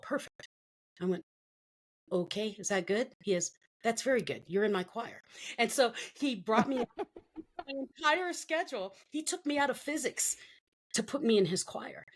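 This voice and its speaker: A woman's voice: a little high, moderate pace. A middle-aged woman from the Philippines, a guest telling her life story in an interview, acting out the voices of the people she quotes.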